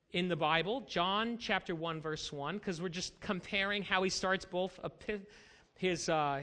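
A man's voice: sits high, sharp tone, long reverb tail. A man preaching as a pastor, asking rhetorical questions and building to emphatic lines. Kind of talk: sermon.

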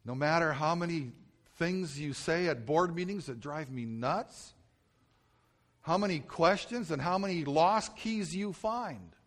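With a fairly high, animated voice and an unhurried pace, the middle-aged pastor preaches through personal anecdotes, poking fun at himself and reenacting his own shouting.

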